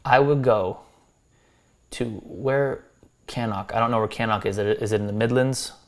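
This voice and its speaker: A man's voice: lowish voice, steady tone, moderate pace. Rambling American man giving casual advice. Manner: loose, rambling, repeats and restarts, friendly advice. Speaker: music critic reviewing subscriber tracks. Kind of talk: casual spoken critique.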